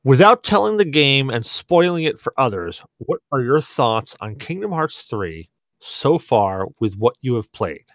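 A man hosting a podcast, tipsy from rum, telling a story in an animated, laughing way and swearing a lot. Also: medium pitch, measured pace, no room sound, clean studio sound. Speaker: podcast host. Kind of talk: casual storytelling chat.

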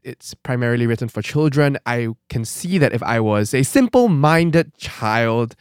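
A man's voice: mid-range voice, clear, resonant tone, no echo. A man co-hosting a podcast, chatting casually and reacting playfully to a comic as he reads it. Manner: playful, animated, quick to laugh. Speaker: podcast co-host. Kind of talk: casual chat, reading a comic aloud.

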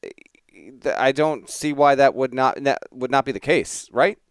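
A man co-hosting a casual sports podcast, playful and quizzing his co-host with quick laughs. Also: mid-range voice, clear, resonant tone, dry recording, clean studio sound.

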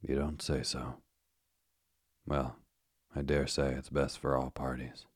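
A man's voice: a bass voice, level tone, slow pace, slightly rough, dry recording, clean studio sound, exaggerated voice. A man reading as a callous burly asylum keeper. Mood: offhand. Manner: blunt, offhand and casual. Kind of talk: sleep story reading.

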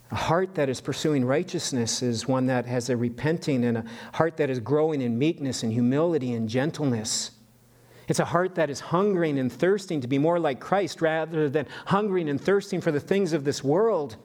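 A pastor from western Canada preaching a sermon in a lively, animated way, often restarting and repeating his words. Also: medium pitch.

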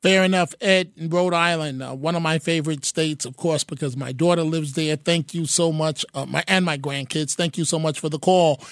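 A man's voice: on the high side, fairly even intonation, normal speed, few pauses, no echo, studio quality. A man hosting a call-in talk radio show, joking and emphatic, working the phones with callers. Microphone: studio microphone.

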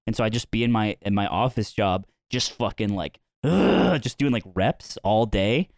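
A man's voice: fairly low pitch, fairly even intonation, moderate pace, dry recording, clean studio sound. A man co-hosting a podcast, casual crude banter, often laughing. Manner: crude, joking, laughs a lot. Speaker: podcast co-host.

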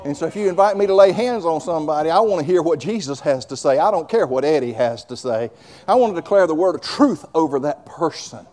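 Fervent high-voiced male preacher. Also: expressive, fast, dark tone. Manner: fervent, building to hollering, conversational asides. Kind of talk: sermon.

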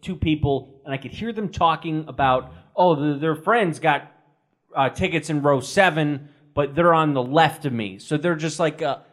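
Podcast guy, kinda high voice, wry and chatty. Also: fairly bright tone. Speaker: podcast co-host. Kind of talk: casual podcast storytelling.

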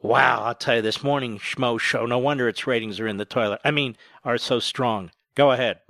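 Man, talk-radio host, sarcastic, mocking, bright voice, dry close mic. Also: medium pitch, fairly even intonation, normal speed, creaky, no echo. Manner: sarcastic, mocking, swings loud and quiet.

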